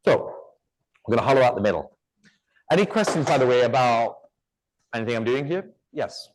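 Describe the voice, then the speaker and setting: Male demo instructor, rambling and jokey, average pitch. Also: animated, brisk. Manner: chatty, joking, rambling asides. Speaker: woodturning demonstrator. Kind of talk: live workshop demonstration.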